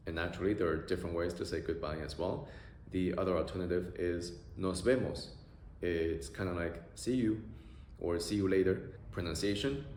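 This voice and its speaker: A man teaching beginner Spanish phrases, drilling pronunciation with slow, drawn-out vowel sounds. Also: sits low, darkish tone. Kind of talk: beginner language lesson. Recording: echoey room with faint noise.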